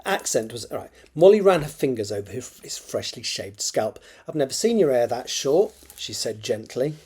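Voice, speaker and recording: A man, an author, reading his own fiction draft aloud, halting to reread and correct phrases and muttering asides under his breath. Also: mid-range voice, big pitch swings, a little mellow, breathy edge.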